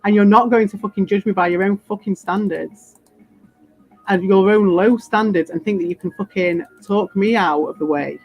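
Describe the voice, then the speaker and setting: A woman's voice: mid-range voice, normal speed, slightly rough, lo-fi sound, soft background music. A British woman in a casual, rambling monologue, swearing freely, laughing often and sounding defiant. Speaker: crypto streamer.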